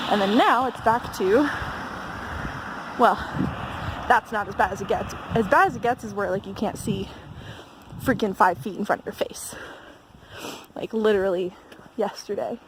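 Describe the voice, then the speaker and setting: A woman's voice: mid-range voice, background noise. A young American woman vlogging casually on a walk through a snowy mountain village, chatty with lots of fillers and laughter. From United States. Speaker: travel vlogger. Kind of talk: casual chat while walking.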